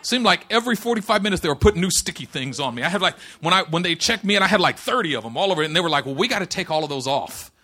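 A man preaching with a high, bright voice, swinging between quiet, intimate passages and ringing declarations. He quotes scripture with fervor and breaks it up with folksy, joking asides. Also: animated, racing, hardly any pauses, husky. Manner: impassioned, swings from hushed to loud, quotes scripture; folksy humor, colloquial asides. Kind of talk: sermon.

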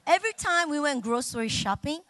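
A middle-aged woman preaches a sermon with a high-sitting voice, animated and fairly quick, chatting and joking with the congregation and breaking into loud, emotional exclamations. There's no echo on the recording.

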